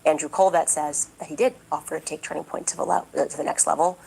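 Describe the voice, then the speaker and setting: A woman's voice: low voice, steady tone, quick pace, vocal fry, warm tone, slight background noise, rough recording. A woman commentator delivering a podcast monologue, emphatic and indignant, repeating her points insistently. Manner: mocks others in a raised, exaggerated voice. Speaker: political commentator.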